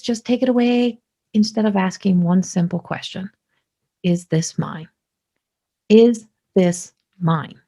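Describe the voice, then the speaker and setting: A middle-aged woman hosting a podcast, talking in a lively, rambling way with many restarts. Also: on the high side. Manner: animated, talkative, many restarts. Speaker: podcast host; psychic medium. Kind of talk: casual spoken monologue.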